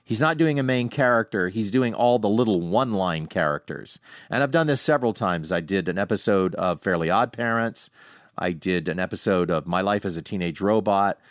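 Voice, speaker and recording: A middle-aged man hosting a podcast, casually telling animated anecdotes from home with frequent restarts. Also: deep voice, dry recording, studio quality. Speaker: podcast host. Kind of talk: casual storytelling monologue. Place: home, sitting on a couch.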